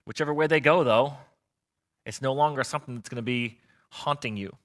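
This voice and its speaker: A man's voice: medium pitch, a bit bright. A male pastor giving a sermon in a conversational, earnest way, with frequent fillers and restarts. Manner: conversational, earnest preaching with fillers and repeated words.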